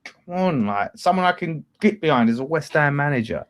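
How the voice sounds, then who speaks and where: A man hosting a casual football fan chat, animated and swearing freely, swinging between loud bursts and quiet asides. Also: a little high, fairly quick. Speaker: fan channel host.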